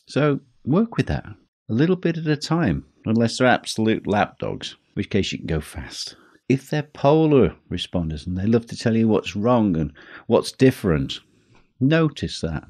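A man hosting a teaching podcast, talking in a measured way and slowing down for emphasis. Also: lowish voice, sing-song, darkish tone, husky, no room sound, clean studio sound. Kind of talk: scripted podcast talk.

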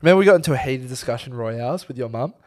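A man's voice: mid-range voice, animated, racing, darkish tone. A young Australian man co-hosting a podcast, chatting in a laid-back, teasing way with casual swearing. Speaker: podcast co-host. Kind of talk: casual chat.

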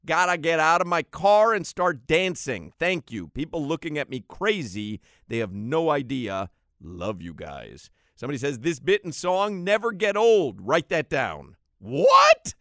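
Man, sports radio host, animated banter, smooth clear voice, dry close sound. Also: a little high, a little slow, no echo. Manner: animated, reads listener texts with big swings in energy.

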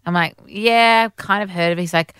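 An Australian woman in her thirties co-hosting breakfast radio, chatty and quick to laugh, in a studio. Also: lowish voice, flat delivery, fairly bright tone, clean tone, no echo. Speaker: radio co-host. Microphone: studio microphone.

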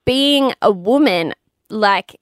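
A woman's voice: medium pitch, lively intonation, slow, no echo, studio quality. A young woman hosting a podcast, talking in an earnest, rambling way. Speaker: podcast host. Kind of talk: casual chat.

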